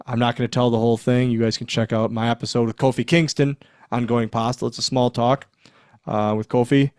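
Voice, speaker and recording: A man's voice: mid-range voice, fairly quick, clear, resonant tone, dry recording, clean studio sound. A man in his forties, a former wrestler, telling backstage stories in a casual interview, acting out quotes and laughing often. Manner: animated storyteller, acts out quotes, laughs often.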